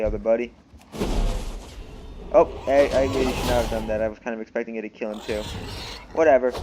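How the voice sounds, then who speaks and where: A man's voice: medium pitch, darkish tone, dull audio, slight background noise. A young man casually commenting on his gameplay, rambling and offhand, often poking fun at himself. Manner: rambling, offhand, self-mocking. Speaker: gaming channel host. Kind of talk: let's-play commentary.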